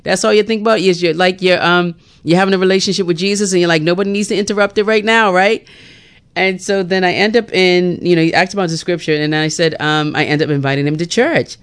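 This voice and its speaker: Lively woman host with a smooth voice. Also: on the low side, a little fast. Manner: lively, laughs often, many fillers. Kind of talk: casual storytelling chat.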